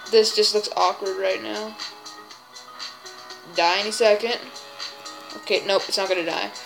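A woman giving excitable gameplay commentary in a put-on silly voice, full of exclamations. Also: mid-range voice, measured pace, gravelly. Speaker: gaming video creator. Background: game music.

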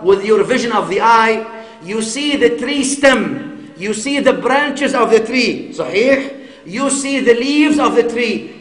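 A man with a high voice delivers a religious lecture, weaving Arabic terms into his teaching and prodding listeners with short questions. He is recorded in a reverberant hall that lends every phrase a lingering echo. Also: fairly bright tone. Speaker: shaykh lecturing. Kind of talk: sermon.

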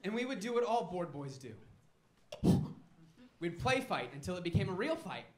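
A man's voice: high voice, sing-song, moderate pace, echoey room. A man doing a stand-up comedy set on a comedy club stage, telling wry, self-mocking stories.

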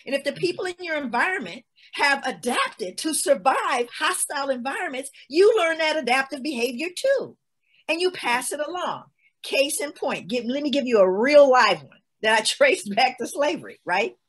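A woman's voice: sits high, big pitch swings, moderate pace. A woman, giving an emphatic, storytelling talk as a guest speaker on a webinar. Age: 60s. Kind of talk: lecture-style webinar talk.

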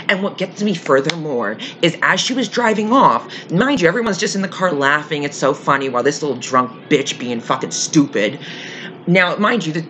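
A woman's voice: deep voice, moderate pace, slight background noise. A woman vlogger heatedly telling an angry personal story, swearing freely and acting out quoted voices. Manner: heated, profane, animated retelling with quoted voices.

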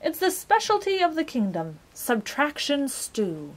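A woman's voice: sits high, huge pitch swings, measured pace, voice pushed up, full character voice. A woman voicing a cheerful many-faced male dodecahedron who lectures chirpily. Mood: lecturing.

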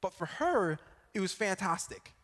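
A young man giving a sermon at church, telling a personal story in a lively way and checking in with the audience as he goes. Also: high voice, a little slow. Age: young adult. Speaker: student preacher. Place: church hall. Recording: echoey church hall.

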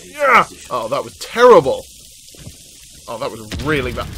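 A man giving chatty, excitable commentary over his own gameplay, often laughing and swearing. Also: on the high side, normal speed, slight background noise. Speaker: gaming video host.

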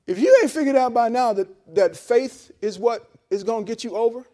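A man with a very high voice preaches a sermon to his congregation. He talks loosely and conversationally, doubling back on his words and calling for amens. His asides are blunt and joking. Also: fairly quick, mellow. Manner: conversational preaching with frequent repeats and call-and-response. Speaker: pastor. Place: church service held in a hotel venue.

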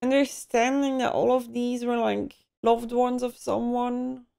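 A woman's voice: on the high side, flat delivery, measured pace, creaky, dark tone, clear, resonant tone. A young woman giving a first-time movie reaction, emotional and given to gasps and exclamations.

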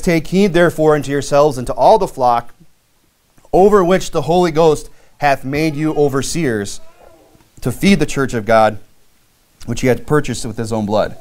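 Male pastor, mid-pitched voice, preaching a sermon in a church, reading verses aloud between plain explanations. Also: darkish tone. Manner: preaching with scripture readings and frequent restarts.

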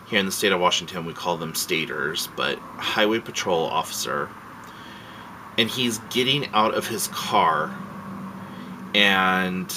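A man's voice: low-pitched, pushed and bright, a little hiss or hum, rough recording. A man vlogging a casual rant, rambling and heartfelt, swearing freely and emotional as he tells his story.

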